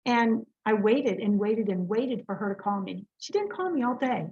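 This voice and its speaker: A woman's voice: medium pitch, darkish tone. A middle-aged woman and Reiki master telling stories as an interview guest, chatty and earnest with plenty of fillers. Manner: chatty, earnest, lots of fillers and quick laughs. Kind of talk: casual storytelling in an interview. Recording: slightly muffled, lo-fi audio.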